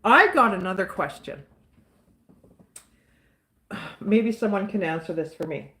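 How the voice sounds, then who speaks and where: A Southern woman hosts a casual live chat in an unhurried, drawn-out way. She is outspoken and rambles, circling back to the same point again and again. Her voice sits at a middling pitch for a woman. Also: expressive, pushed and bright. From Southern United States. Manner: outspoken, rambling, repeats herself. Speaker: livestream host answering chat.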